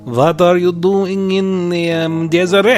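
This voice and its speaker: A man doing a boastful old Russian inventor with a thick put-on accent, speaking loud and high in broken English. He is chatty and proud of his machines, over guitar music in the background. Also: level tone, slow.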